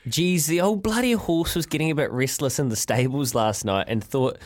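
A man's voice: mid-range voice, normal speed, few pauses. A New man co-hosting a sports radio show, teasing and wry. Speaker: radio co-host.

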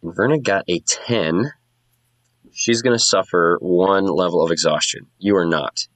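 A man's voice: deep voice, fairly bright tone, dry recording, low-quality recording. A man running a tabletop game as game master, talking casually with plenty of fillers. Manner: casual, quick, lots of fillers.

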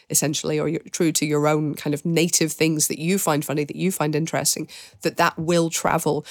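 Low-voiced woman thinking aloud. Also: no echo, clean studio sound. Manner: reflective, thinks aloud in long winding sentences. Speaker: podcast host and film critic. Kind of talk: casual film review chat.

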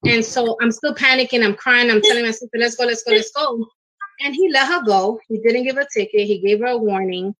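A middle-aged woman, a guest on a talk show, telling a personal story in an emotional, animated way with acted quotes. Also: fairly high pitch, fast, few pauses, rough recording.

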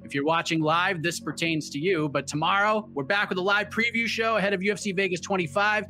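High, bright-voiced male podcast host. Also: fairly even intonation, a little fast, faint music behind. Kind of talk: live show hosting.

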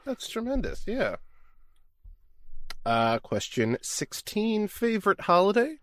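A man's voice: sits high, very animated, takes it slowly, no echo. A man hosting a casual interview, reading out numbered questions and reacting briefly. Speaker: podcast host asking questions.

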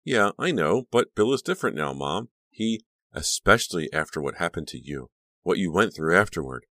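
A man's voice: low voice, very animated, normal speed, bright, forceful tone, no room sound, clean studio sound, exaggerated voice. A man voicing a defiant, impatient teenage girl, with a raised, exasperated delivery.

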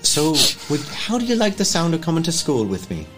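A man voicing a warm, motherly woman recruiter, cheery and coaxing. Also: fairly high pitch, wildly swooping pitch, fairly quick, over music, pitched above the performer's own voice.

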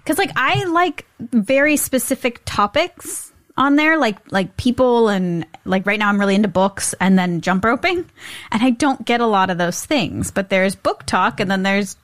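A woman co-hosting a podcast in casual, relaxed chat, using "like" a lot. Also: mid-range voice, moderate pace. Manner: relaxed, chatty, says "like" often. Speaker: podcast co-host.

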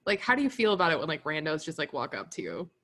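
A woman with a husky, low-pitched voice asks her question with curiosity. Her voice rises and falls widely as she speaks. She sounds like a co-host joining in the conversation. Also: very animated, fast, fairly bright tone.

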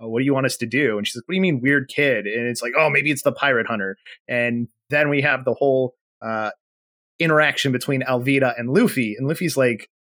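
A man co-hosting a podcast, recounting scenes with lively energy and slipping into characters' voices. His voice sits at a middle pitch and sounds close and dry, with no room around it. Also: fairly quick, no echo. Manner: animated retelling, acting out character lines. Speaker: podcast co-host. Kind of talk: casual chat.

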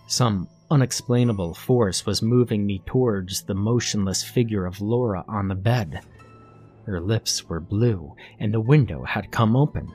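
Low-voiced man narrating horror. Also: a little mellow. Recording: faint music underneath.

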